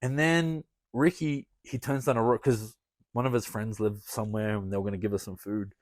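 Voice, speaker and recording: A wrestler guest on a podcast, telling a story casually, swearing often and laughing between lines. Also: male voice, on the low side, steady tone, a little fast, dry recording. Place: podcast studio.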